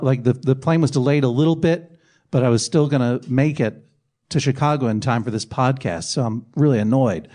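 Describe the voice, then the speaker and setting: A man's voice: mid-range voice, a little mellow. A middle-aged man telling a comic anecdote on a podcast, self-mocking and laughing through it. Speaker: podcast guest telling a story.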